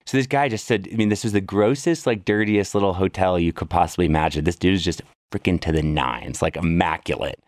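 A man casually telling a story on a podcast, lively, jumping into a much higher voice when he quotes people. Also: brisk, few pauses, no echo, studio quality. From worked in San Francisco. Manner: animated storyteller, jumps high when quoting people. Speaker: podcast guest.

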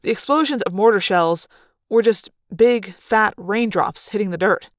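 A woman reading a fan audiobook, narrating in first person with lively, dramatic delivery. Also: mid-range voice, normal speed, background noise. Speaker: audiobook reader.

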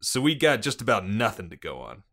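A man's voice: on the low side, very animated, brisk, sharp tone, full character voice. A man voicing a blustering bald middle-aged police chief with a Boston accent in a tabletop role-play. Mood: briefing.

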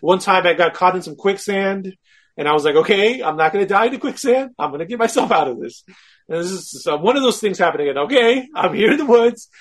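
A man, a guest, telling a personal story in casual talk, animated and self-mocking, acting out his own quoted thoughts. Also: high voice, fast talker.

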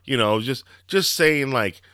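Bright-voiced man telling rambling stories. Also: medium pitch, animated, measured pace, clear, resonant tone, no room sound, studio quality. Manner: rambling storyteller, lots of fillers and profanity. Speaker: podcast co-host. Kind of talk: casual chat.

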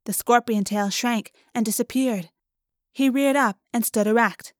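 A woman reading a first-person audiobook in a clear, even storytelling manner. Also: on the high side, measured pace, no echo, studio quality. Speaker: audiobook narrator.

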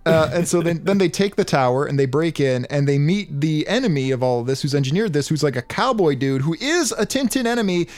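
A man co-hosting a casual comedic chat, recapping a story in a relaxed, wry way. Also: on the high side, brisk, few pauses.

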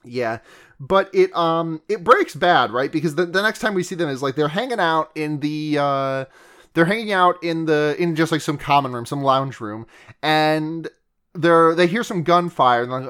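A man's voice: on the high side, moderate pace, a bit bright, smooth. Man rambling through a casual movie recap. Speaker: podcast co-host recapping a movie. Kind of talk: casual chat.

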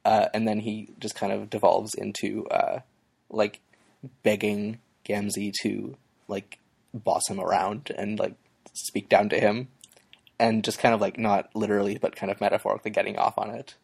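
A man co-hosting a podcast in casual chat, speaking haltingly with many fillers. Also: on the low side, little pitch movement, vocal fry, a little mellow, breathy edge. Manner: halting, full of "like" and "um". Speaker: podcast co-host and editor.

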